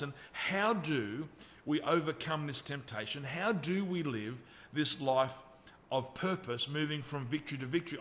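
Earnest Australian pastor, fairly high voice. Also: male voice, fairly bright tone. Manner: earnest, slows right down on key phrases. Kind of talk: sermon. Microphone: livestream camera mic.

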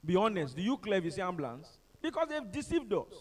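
A man with a Nigerian accent who speaks as a motivational speaker, telling humorous stories to a live audience in an animated, joking manner. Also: sits high, fast talker, recorded from a distance. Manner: animated, joking, acts out the people in his stories.

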